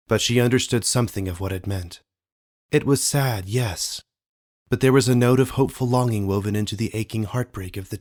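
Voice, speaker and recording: A man narrating an audiobook in a calm, measured storytelling manner. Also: on the low side. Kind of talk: scripted narration.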